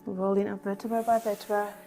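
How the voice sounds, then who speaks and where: A woman's voice: medium pitch, level tone, fast talker, mellow, soft background music. A woman leading a pilates class, counting reps and cueing breaths as she exercises along, a little out of breath. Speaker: pilates instructor. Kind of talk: workout class instruction.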